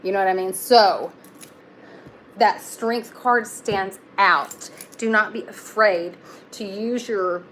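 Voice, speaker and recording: A woman's voice: medium pitch, slow, fairly bright tone, a little hiss or hum. A young woman giving a casual live tarot reading, talking in a chatty, reassuring way with lots of fillers. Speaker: tarot reader.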